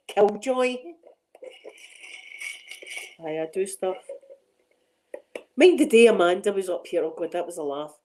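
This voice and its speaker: A woman's voice: medium pitch, animated, a little slow, long pauses, a little mellow, a little hiss or hum, poor audio. A middle-aged Scottish woman hosting a casual chat on her ASMR channel, rambling and laughing often.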